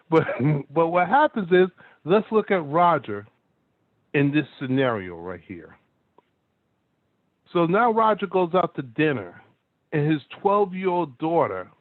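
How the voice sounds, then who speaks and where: A man's voice: high voice, no echo. A man giving an emphatic motivational talk to an online audience, telling stories and asking "guess what" again and again. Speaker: motivational speaker. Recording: dry, narrow phone-like sound.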